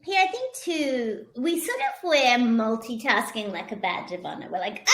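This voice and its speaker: Lively storytelling woman, echoey room. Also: on the high side, moderate pace, few pauses. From moved to the US from abroad. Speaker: podcast guest, author. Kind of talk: storytelling interview talk.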